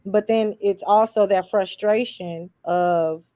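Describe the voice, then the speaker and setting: A woman's voice: medium pitch, fairly even intonation, slow pace, mellow, dry recording. A woman co-hosting a casual recap chat, blunt and sassy, full of slang. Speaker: podcast co-host.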